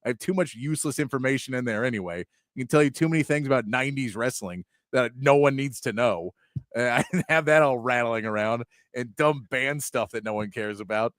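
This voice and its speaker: A man's voice: medium pitch, fairly quick, a bit bright, dry recording, studio quality. A man hosting a sports talk show, chatting casually with many asides and frequent laughs.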